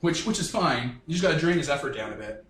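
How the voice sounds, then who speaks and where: A man's voice: fairly high pitch, animated, fast talker, fairly bright tone, a little hiss or hum. A man running a tabletop game as game master, rambling and joking as he describes scenes. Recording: echoey room, distant mic.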